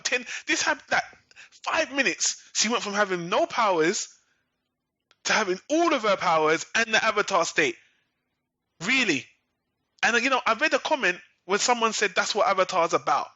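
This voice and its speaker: In a casual recap-and-rant, a podcast host sounds sarcastic, exasperated and profane as he goes over an episode. His voice sits high with a sharp tone, and the recording is dull, lo-fi and dry with no echo.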